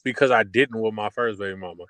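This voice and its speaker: A man's voice: lowish voice, fast talker, a bit bright, no room sound. Blunt joking podcast man. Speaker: podcast co-host. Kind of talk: casual podcast chat.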